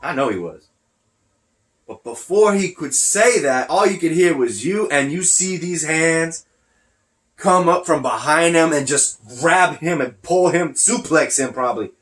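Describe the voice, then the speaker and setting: Rambling man, breathy through a mask. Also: a little high, animated, a little slow, fairly bright tone. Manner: rambling, loses his train of thought. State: short of breath. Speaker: podcast host. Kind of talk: casual wrestling recap chat. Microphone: wearing a face mask.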